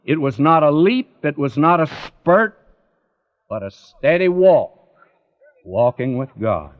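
A man's voice: fairly high pitch, expressive, slow pace. A man preaching a Bible sermon in an earnest, pleading way, often swelling into emphatic rises. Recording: dull lo-fi radio recording.

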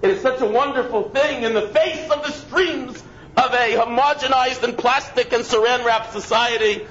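A man voicing an outspoken woman on a subway who lectures a stranger, in emphatic, drawn-out phrases. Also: very high-pitched, a bit bright, roomy sound, voice pushed up. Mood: gushing. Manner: scolding, then gushing, drawn-out emphatic phrasing. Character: indignant woman on a subway, loud and preachy. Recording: dull lo-fi with faint noise.

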